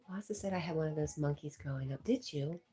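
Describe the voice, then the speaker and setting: A middle-aged woman hosting a livestream from home on a laptop mic. She chats casually, reads viewer comments aloud and laughs often, clearly amused by herself. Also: sits low, animated, a little fast, warm tone, rough recording. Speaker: livestream host.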